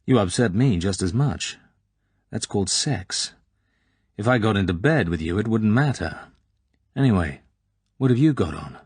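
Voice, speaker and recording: James Bond, cool and low, read by a man. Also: expressive, moderate pace, pauses often, a little mellow, breathy edge, no room sound. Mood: cool sardonic. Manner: cool, sarcastic. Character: cool, sardonic British spy, man.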